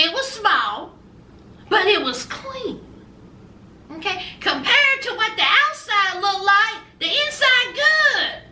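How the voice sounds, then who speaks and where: A sassy woman with a drawl chats through her review, her very high, bright voice swooping up and down as she takes her time. She calls her viewers honey and y'all. The sound is roomy and slightly off-mic. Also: very animated, takes it slowly, distant mic, slight background noise. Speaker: reality TV reviewer. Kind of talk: casual vlog review. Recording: roomy echo, a bit off-mic.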